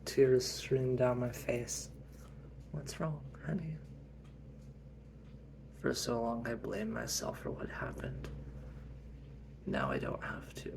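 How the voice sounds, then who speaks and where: A man telling a first-person role-play story in a slow, halting way with frequent restarts. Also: medium pitch, sing-song, gravelly, background noise.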